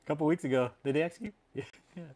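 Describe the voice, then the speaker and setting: A man's voice: on the high side, very fast, a little mellow. A man from Texas, hosting a livestream and chatting casually with viewers, swearing a lot, calling everyone dude and man, and often laughing at his own jokes. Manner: profane and laid-back, calls people dude and man. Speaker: livestream host.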